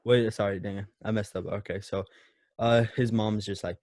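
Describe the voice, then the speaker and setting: A man's voice: lowish voice, steady tone, normal speed, a little mellow, dry recording, clean studio sound. A man co-hosting a casual movie podcast who laughs often and acts out quotes in shifting voices. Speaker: podcast co-host.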